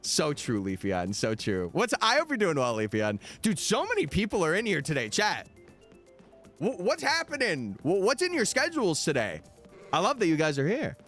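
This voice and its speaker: Young guy streamer talking to chat, voice bouncing all over, kinda high. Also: pushed and bright. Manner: chatty, reads out and answers viewer messages. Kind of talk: casual livestream chat. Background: faint background music.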